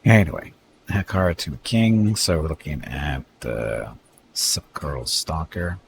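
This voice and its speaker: Very deep-voiced male streamer. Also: measured pace, gravelly, a little hiss or hum. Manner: reads unit stats aloud, chats with viewers. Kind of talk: casual live-stream commentary.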